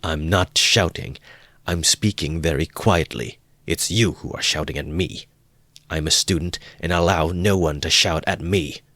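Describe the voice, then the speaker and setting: A man voicing a poor, feverish young student who answers back slowly and stubbornly in a storybook reading. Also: low voice, fairly bright tone, no room sound. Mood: defiant. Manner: faltering, then defiant.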